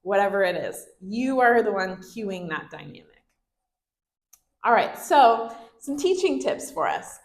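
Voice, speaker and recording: A woman giving a training talk to children's ministry volunteers, upbeat and acting out classroom phrases in a bright teacher voice. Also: mid-range voice, sing-song, unhurried. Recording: roomy echo.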